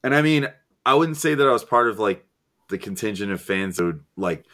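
A young man co-hosting a sports podcast in a relaxed, joking manner. His voice sits fairly low, and he trades easy banter with his co-hosts. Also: brisk. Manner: joking, laid-back banter. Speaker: podcast co-host. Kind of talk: casual chat.

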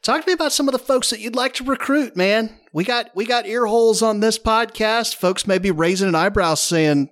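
Enthusiastic male podcast host, higher voice. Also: fairly quick, few pauses, fairly bright tone. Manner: enthusiastic, upbeat interviewer. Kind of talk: casual podcast chat.

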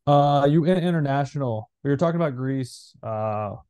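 A man in his thirties, a former player co-hosting a podcast, talking in an animated, rambling way with lots of fillers. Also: mid-range voice, normal speed, smooth, no room sound, studio quality. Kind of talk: casual chat.

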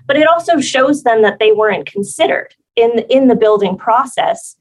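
A woman guest on a podcast interview, explaining her work as a facility planner in a measured way. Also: a little high, lively intonation, poor audio.

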